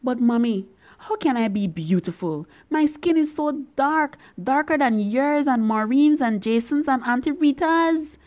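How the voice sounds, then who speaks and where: A woman's voice: high voice, expressive, measured pace, highs cut off. Woman reading as a pleading girl. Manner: earnest, pleading child's questions to her mother. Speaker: reader. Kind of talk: reading a story in a young girl's voice.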